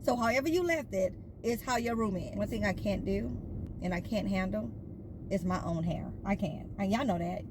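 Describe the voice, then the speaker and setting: Woman vlogger, mid-pitched, chatty and rambling, noisy home recording. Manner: chatty, storytelling with lots of fillers and asides. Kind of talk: casual chat.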